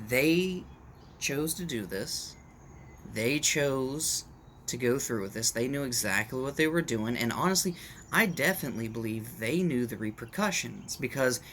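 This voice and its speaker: Guy ranting to camera at home, mid pitch, rambly, a bit of hiss behind. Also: a bit bright. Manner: rambling, restarts, talks to viewers as folks. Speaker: vlogger. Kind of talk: casual opinion rant. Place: at home in the morning, dog nearby.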